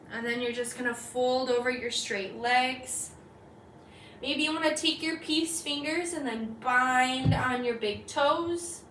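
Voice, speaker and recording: A woman teaching a yoga flow, calmly cueing each breath and pose. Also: high-pitched, a little hiss or hum. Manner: slow, calm cueing of breath and poses. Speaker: yoga instructor. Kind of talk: guided yoga class. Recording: echoey room from far off.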